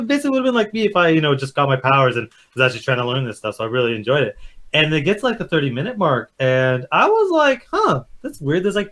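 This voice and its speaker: A man co-hosting a casual chat, telling events with lots of acted-out quotes and fillers. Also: a little high. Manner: animated storyteller, acts out quotes. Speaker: podcast co-host.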